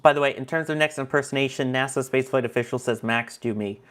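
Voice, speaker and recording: A man co-hosting a relaxed livestream, reading viewer comments aloud and laughing between them. He has a mid-range voice and a chatty, easygoing delivery. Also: mid-range voice, fast. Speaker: livestream co-host reading chat. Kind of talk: casual livestream chat.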